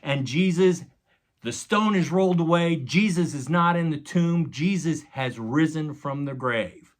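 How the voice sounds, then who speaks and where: In an unhurried manner and a fairly high pitch, a pastor preaches, acting out a story with quoted lines and sound effects. He keeps it casual, tossing asides to his listeners and calling them "guys."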